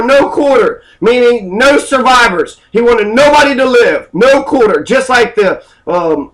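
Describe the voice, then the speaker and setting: In a low-quality recording, a man with a very high, slightly bright voice gives an angry political history talk. He rants and curses heavily, firing off rhetorical questions and hesitant fillers.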